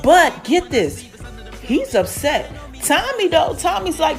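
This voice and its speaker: A woman podcast host, recapping a TV episode in an animated, chatty way, calling her listeners y'all and acting out the characters' lines. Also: sits high, slow pace, faint music behind. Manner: animated, addresses listeners as y'all, acts out quotes.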